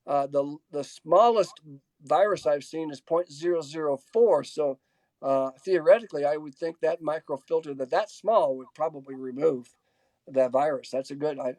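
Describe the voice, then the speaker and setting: Man, webinar speaker on a video call, mellow and dry, halting, stop-start answers. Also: fairly high pitch, no echo. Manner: halting, many restarts and fillers, reads out audience questions. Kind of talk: casual Q&A in a webinar.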